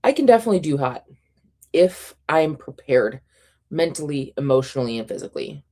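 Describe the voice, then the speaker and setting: A woman hosting a casual reading livestream at home, chatty and quick to laugh, her voice a little sore and scratchy. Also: low-pitched, very animated, dark tone. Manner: chatty, reads out chat comments, laughs often. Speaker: reading sprint livestream host.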